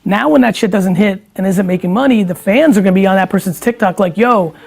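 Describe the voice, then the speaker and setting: A man's voice: sits high, quick pace, vocal fry, a little mellow. A middle-aged man talking casually as an interview guest, emphatic and profane, often rambling through his points.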